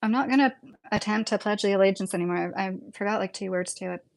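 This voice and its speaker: A woman's voice: mid-range voice, fast talker, vocal fry. Chatty woman with a Midwestern accent. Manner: chatty and rambling, laughs often. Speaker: livestream host reading chat. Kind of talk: casual livestream chat.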